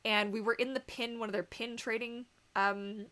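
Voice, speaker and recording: A woman's voice: on the high side, fairly even intonation, normal speed, sharp tone. Giggly Canadian woman streamer. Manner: chatty, giggly, lots of "like" fillers. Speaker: livestream host. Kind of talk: casual livestream chat reading comments.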